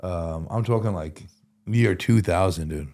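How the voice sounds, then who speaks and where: A man in his forties talks candidly as an interview guest, his voice sitting slightly low. He rambles through stories, restarting words and dropping casual slang. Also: measured pace, a little mellow. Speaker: guest in recovery. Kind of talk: casual conversational storytelling.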